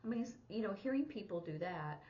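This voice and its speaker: A sign language teacher and interpreter gives a casual, chatty spoken lesson, acting out snippets of dialogue as she goes. Her voice is medium-pitched and lively, moving at a quick pace. The recording is dull and lo-fi.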